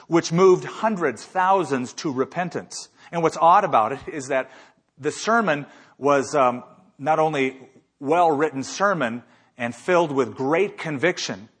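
A man's voice: fairly high pitch, fairly bright tone, husky. A man preaching a sermon as a pastor, emphatic, with rhetorical questions and repeated phrases.

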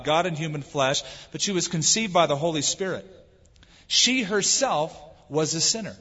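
A man preaches with an emphatic, drawn-out delivery. His voice sits a little high and rings through a long hall reverb. The recording is dull and lo-fi. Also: bright, forceful tone, husky. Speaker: pastor. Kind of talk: sermon.

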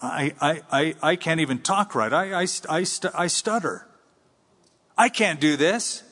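A preacher acting out a stuttering, timid Moses. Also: male voice, a little high, expressive, fairly bright tone. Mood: anxious. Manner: stuttering, halting. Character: timid stammering man, Moses, doubting himself. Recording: long reverb in a large hall.

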